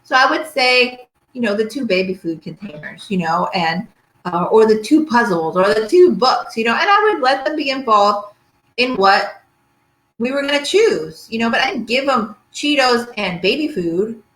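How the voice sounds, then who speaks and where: A woman's voice: on the high side, expressive, normal speed, a bit bright. Chatty woman teaching parents, echoey room. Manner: chatty, checks in with listeners often. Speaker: pediatric physical therapist teaching a parenting workshop. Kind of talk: casual workshop lecture.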